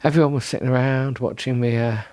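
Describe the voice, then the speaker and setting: A mid-range, darkish voice with fairly even intonation moves at a quick pace, with no room sound at all. The man hosts a solo podcast, tired and yawning, rambling self-deprecatingly with many ums and restarts in a casual monologue.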